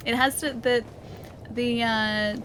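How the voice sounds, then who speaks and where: A woman's voice: fairly high pitch, fairly even intonation, takes it slowly. A woman streaming a game, chatting casually, reading chat aloud and laughing often. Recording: game music behind.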